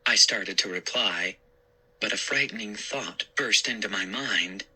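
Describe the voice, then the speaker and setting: A man narrating a scary story in a slow, deliberate, suspenseful way. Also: on the low side, pushed and bright, slightly rough, poor audio. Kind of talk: scripted horror story narration.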